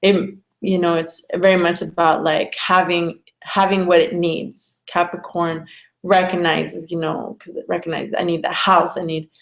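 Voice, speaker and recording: Woman, lowish voice, casual astrologer reading a chart live, filler-heavy and loose. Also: level tone, a little slow, vocal fry. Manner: chatty, frequent fillers like "you know" and "like". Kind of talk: casual live-stream explanation.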